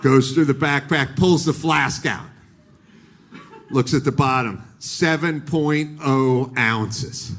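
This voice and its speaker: A man's voice: mid-range voice, slow, long pauses, a bit bright. A middle-aged man doing a stand-up comedy set on stage, telling a story with acted-out voices. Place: live comedy stage with audience.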